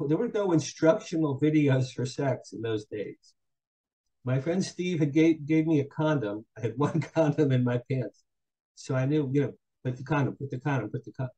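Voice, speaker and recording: A man's voice: medium pitch, low-quality recording. An older man from New Jersey, a guest author telling a comic personal story and acting out other people's lines. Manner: animated, acts out other people's quotes.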